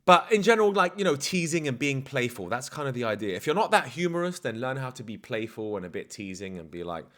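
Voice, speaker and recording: A man's voice: mid-range voice, sing-song, fast, few pauses, a bit bright. A man talking as a dating coach in a casual vlog, blunt, slangy and self-assured.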